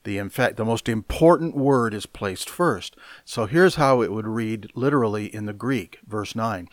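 A man teaching through a Bible passage, explaining the original wording in a measured, emphatic way. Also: fairly low pitch, no room sound, studio quality. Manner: deliberate, measured, explaining word by word with emphatic stresses. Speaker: preacher.

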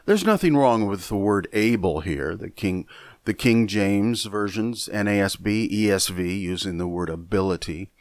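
A man teaching a Bible lesson in a measured, deliberate way, often repeating a word as he thinks. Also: fairly low pitch, no echo, clean studio sound. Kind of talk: sermon lesson.

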